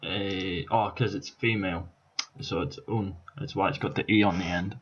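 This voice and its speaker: A man's voice: deep voice, steady tone, moderate pace, breathy edge, dull audio. A Scottish man casually commentating on his own language-app practice, thinking aloud and chuckling at his mistakes. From Scotland. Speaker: vlogger. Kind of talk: casual let's-play commentary.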